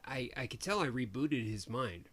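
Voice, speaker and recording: A man's voice: mid-range voice, expressive, moderate pace, a bit bright, husky. Joking man telling a story. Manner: jokey, tells stories with acted-out quotes. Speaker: podcast co-host. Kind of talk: casual chat.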